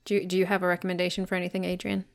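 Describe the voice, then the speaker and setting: A woman's voice: lowish voice, monotone, rapid-fire, gravelly. A woman co-hosting a casual chat, making dry, understated remarks. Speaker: podcast co-host.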